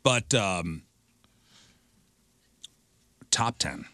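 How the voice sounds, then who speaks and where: Heller, lebhafter Radiomoderator. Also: male voice, sits low, lively intonation, very slow, sharp tone, dry recording. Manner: reads out a list, chatty with fillers. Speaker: radio show co-host. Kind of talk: casual radio banter.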